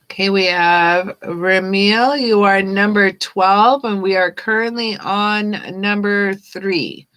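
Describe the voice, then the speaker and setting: Slow-talking chatty woman tarot reader. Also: mid-range voice, steady tone, fairly bright tone, clean tone. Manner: chatty, reads chat names aloud, laughs often. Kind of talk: live-stream tarot reading.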